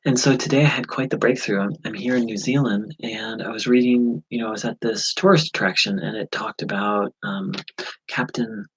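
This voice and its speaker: A man from the USA talking through a personal spiritual insight, halting, with many fillers and restarts. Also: on the low side, fairly even intonation, breathy edge, poor audio. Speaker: spiritual teacher. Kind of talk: reflective spiritual vlog.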